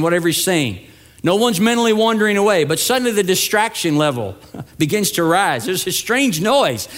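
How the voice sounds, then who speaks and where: High-voiced and fairly bright in tone, a male pastor preaches a sermon full of stories, performing the characters' voices himself and building to emphatic peaks.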